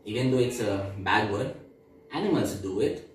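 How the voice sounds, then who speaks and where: An actor playing a young man who fondly recalls crude childhood discoveries, speaking in slow, reflective storytelling. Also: lowish voice, expressive, slight background noise, close to an everyday voice. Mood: wry nostalgic. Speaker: stage actor. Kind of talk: theatrical monologue. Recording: echoey room, mic far off.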